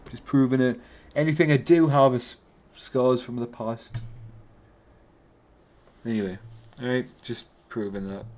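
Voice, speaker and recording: A man with a Geordie accent giving a casual, rambling film review, swearing constantly and restarting his sentences. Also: mid-range voice.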